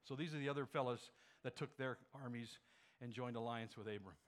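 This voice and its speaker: A man's voice: mid-range voice, a little fast. A male pastor preaching a sermon with emphasis, firing rhetorical questions at his congregation.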